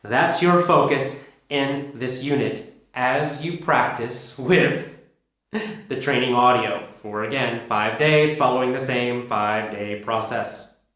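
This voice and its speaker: A man with a North American accent teaching English pronunciation, speaking slowly and emphatically as he demonstrates rises and falls in pitch. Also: a bit bright. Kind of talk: spoken lesson to learners. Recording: very echoey room.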